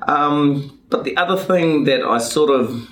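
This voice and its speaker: A man with a New Zealand accent, a podcast guest telling his life story in a relaxed, thoughtful way with easy chuckles. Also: fairly high pitch, unhurried. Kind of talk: reflective life story, casual chat. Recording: echoey room.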